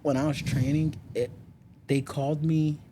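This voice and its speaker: A man's voice: a little high, normal speed, slight background noise. A young man from Miami, a podcast guest in casual chat, telling stories and laughing often. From Miami, United States. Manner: laughs often, animated storytelling.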